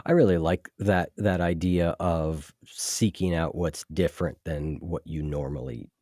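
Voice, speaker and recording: Low mellow guy hosting a podcast, thinking out loud, lots of restarts, dry close sound. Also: fairly even intonation, a little slow, no echo. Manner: thoughtful, with frequent restarts and "you know". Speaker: podcast host. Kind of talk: casual interview chat.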